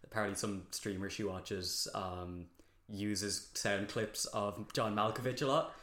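A woman's voice: rumbling low, fairly even intonation, a little slow, a bit bright. A woman co-hosting a podcast, chatting casually about a film, laughing often and swearing freely. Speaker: podcast co-host. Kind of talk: casual film review chat. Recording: roomy echo.

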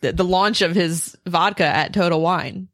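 A woman's voice: lowish voice, normal speed, no room sound, studio quality. A young adult woman chatting casually as a podcast guest, telling stories with lots of fillers. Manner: chatty storyteller, filler-heavy, laughs often. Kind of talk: casual chat.

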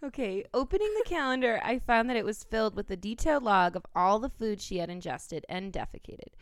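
A woman's voice: medium pitch, lively intonation, brisk, no echo. A woman hosting a casual podcast, reading a listener's story aloud and laughing often.

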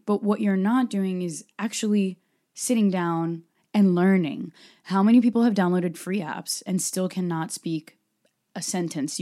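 A woman's voice: medium pitch, mellow. A woman from Brazil hosting a solo Q&A podcast, talking passionately and emphatically. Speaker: podcast host.

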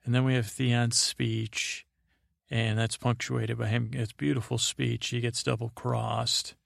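Gravelly, flat-voiced man rambling. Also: medium pitch, a little slow, no room sound, clean studio sound. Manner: meandering, full of fillers and restarts. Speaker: podcast host. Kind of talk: drowsy rambling episode recap.

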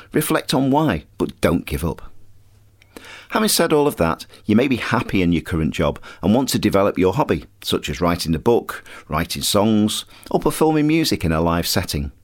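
Upbeat male podcast host, lively delivery. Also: fairly low pitch. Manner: upbeat, introduces clips. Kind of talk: scripted narration.

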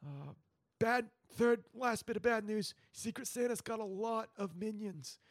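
A man's voice: high voice, unhurried, creaky, no echo, studio quality. A man co-hosting an improvised role-play podcast, laying out a plan in a rambling, playful way. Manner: rambling, playful, plans out loud. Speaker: podcast co-host running the scene.

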